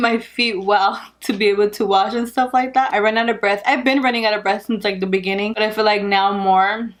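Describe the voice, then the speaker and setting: A young woman vlogger, heavily pregnant, giving a rambling, candid and chatty update with frequent laughs. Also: medium pitch. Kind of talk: casual pregnancy update vlog.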